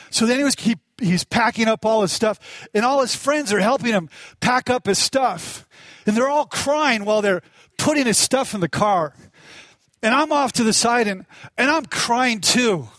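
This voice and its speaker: A man's voice: very high-pitched, animated, moderate pace, fairly bright tone, dry recording. A middle-aged male pastor preaching a sermon in a conversational way, telling a personal story with feeling. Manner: conversational and self-deprecating, tells personal stories with emotion.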